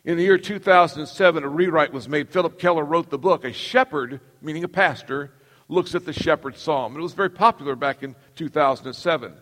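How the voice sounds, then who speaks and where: A middle-aged pastor preaches a sermon emphatically, calling on the congregation to repeat lines after him. His voice sits on the high side, a bit bright and a little fast, with the long reverb of a large hall.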